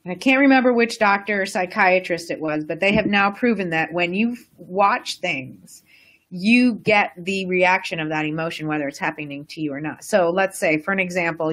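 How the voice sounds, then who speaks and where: A woman's voice: on the low side, a bit bright. A woman hosting a casual wellness live stream, talking to viewers in a chatty, rambling, enthusiastic way. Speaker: wellness host.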